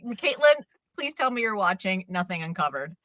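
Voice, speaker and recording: Lively, bright-voiced woman gushing. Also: medium pitch, no room sound. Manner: animated, gushing, quick asides. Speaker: co-host. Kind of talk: casual chat about dramas.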